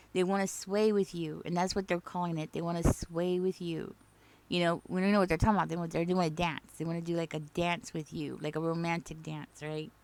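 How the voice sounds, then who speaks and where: A woman giving a casual spoken tarot reading, chatty and reassuring, often tagging her sentences with "okay?" and "you know?". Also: lowish voice. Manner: sings song snippets softly. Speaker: tarot reader.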